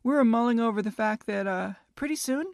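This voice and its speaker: A woman's voice: a little high, a little fast, gravelly, no room sound, studio quality. A woman in her fifties hosting a casual solo podcast, chatty and self-mocking, laughing at her own jokes. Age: 50s. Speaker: podcast host.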